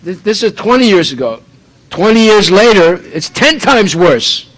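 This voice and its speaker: A man's voice: sits high, sing-song, measured pace, fairly bright tone, poor audio. A man from the United States preaching a sermon, emphatic and full of rhetorical questions.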